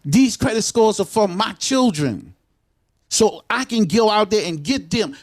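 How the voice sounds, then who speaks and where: A man's voice: sits high, animated, a little slow, no echo, studio quality. An older man, a guest in a casual interview, talking bluntly and swearing often. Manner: blunt, swears a lot, street talk.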